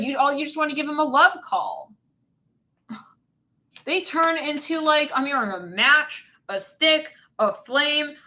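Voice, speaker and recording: A woman rambles through a tarot reading in a bright, forward voice, laughing at her own words and swearing without a filter. Her tone is casual and blunt. A faint hiss sits under the recording. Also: sits high. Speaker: tarot reader.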